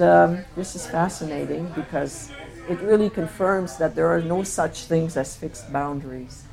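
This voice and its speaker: A woman presenting her photographs to an audience, speaking reflectively and often pausing on fillers and restarts. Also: on the low side, gravelly, mellow. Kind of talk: slide talk to an audience.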